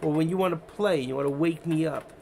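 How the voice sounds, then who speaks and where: A man hosting a live trading stream rambles casually about his trades, breaking off to talk to his cat in a high sing-song voice. His own voice is gravelly, brisk, and darkish in tone, with a little hiss or hum in the recording.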